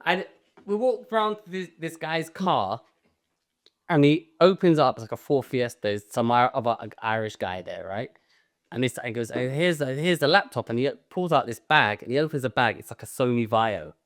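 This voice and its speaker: A man co-hosting a comedy podcast, telling a sweary, animated story and laughing as he goes. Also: mid-range voice, normal speed. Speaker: podcast co-host.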